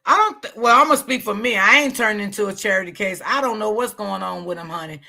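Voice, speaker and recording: A woman's voice: mid-range voice, quick pace, vocal fry, bright, forceful tone. A woman hosting a live commentary stream, talking bluntly and reading her chat aloud. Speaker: commentary livestream host.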